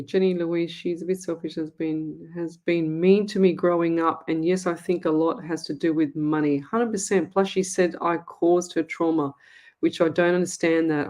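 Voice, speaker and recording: A woman's voice: lowish voice, a little mellow. An Australian woman hosting a live-stream, reading out viewer comments and answering them in a blunt, emphatic way. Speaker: psychic medium host.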